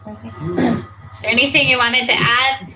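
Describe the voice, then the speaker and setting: A woman's voice: a little high, steady tone, normal speed, background noise. A tired woman in a casual study group, drafting text aloud and asking the others for input. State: mentally tired. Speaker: study group member writing the summary.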